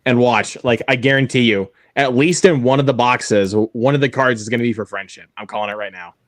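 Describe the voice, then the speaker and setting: A man's voice: mid-range voice, fairly quick, dry recording, studio quality. A young man chatting casually with friends, often repeating words as he talks. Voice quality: repeats words, stammering restarts. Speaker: co-host on a watch-along. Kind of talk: casual chat.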